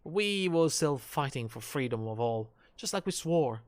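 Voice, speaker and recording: A man's voice: on the high side, expressive, normal speed, clear, resonant tone, no echo, lightly acted. A man voicing a loyal, plain-spoken soldier who talks in a folksy dialect, read aloud from a game on a live stream. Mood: defiant. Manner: folksy dialect speech with aye and ye.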